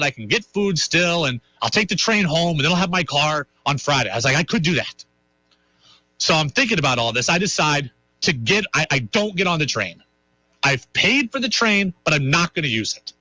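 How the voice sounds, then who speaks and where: Guy in his 30s rambling on about his night on his radio show, self-deprecating, bright slightly high voice, dry mic. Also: dry recording, rough recording. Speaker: radio host. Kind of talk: casual storytelling monologue.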